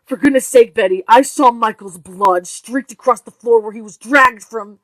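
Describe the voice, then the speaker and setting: A tense, grieving mother with a clipped, intense delivery, pushed higher and louder than normal talk, as a woman reads her part. The read is dry and close-miked. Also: moderate pace, no echo, close to an everyday voice. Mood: furious.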